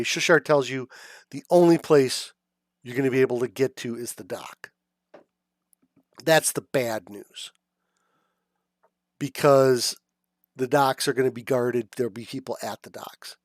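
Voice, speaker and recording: A man running a tabletop game as dungeon master, narrating in an unhurried, relaxed way. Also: mid-range voice, no room sound, studio quality.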